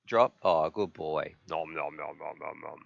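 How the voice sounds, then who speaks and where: An Australian man voicing his spoiled, greedy pet dog in a low, mumbling, drawn-out voice. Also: gravelly, no echo, full character voice. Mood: spoiled, happy. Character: pampered pet dog, male, greedy and content. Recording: dull lo-fi sound.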